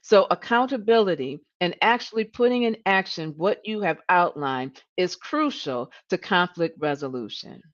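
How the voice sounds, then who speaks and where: Low-voiced woman coaching on a livestream. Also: animated, normal speed, hardly any pauses, dull audio. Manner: earnest, repeats words and says "you know" often. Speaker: leadership coach and host. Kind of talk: live-streamed coaching talk.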